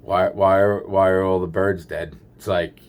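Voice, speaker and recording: A man's voice: low-pitched, level tone, measured pace. A man rambling through a paranoid personal story, swearing constantly and restarting his sentences.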